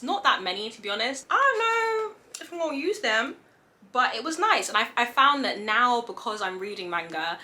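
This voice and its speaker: A young woman chatting casually to camera as a vlogger, expressive and giggly, acting out her own reactions at home. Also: mid-range voice.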